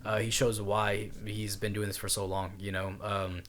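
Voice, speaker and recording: A man with a fairly low voice co-hosts a casual podcast. He rambles through his points, leaning on fillers and restarts. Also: completely flat delivery, normal speed, fairly bright tone. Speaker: podcast co-host. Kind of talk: casual chat about boxing.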